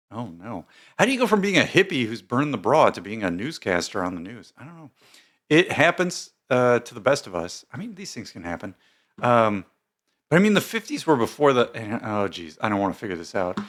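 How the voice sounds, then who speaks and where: A man's voice: medium pitch, very animated, normal speed, a bit bright. A man hosting casual commentary, reading posts aloud with bemused, rambling asides and many fillers. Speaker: commentary host.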